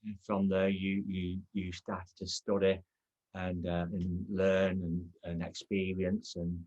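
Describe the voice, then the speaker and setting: A male podcast host with a very deep voice, leading the talk with slow, halting questions full of ums. His audio sounds dull and lo-fi. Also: completely flat delivery, a little mellow. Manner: meandering, halting questions with fillers. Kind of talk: interview hosting.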